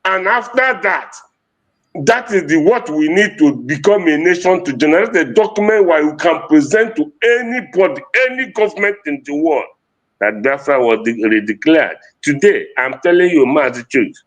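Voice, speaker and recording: This is a man with a Nigerian Igbo accent, speaking with conviction on a livestream. His voice sits a little high for a man. He slips between English and Igbo as he talks. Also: lively intonation, normal speed. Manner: impassioned, mixing English and Igbo. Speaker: activist speaker. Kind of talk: impassioned livestream talk.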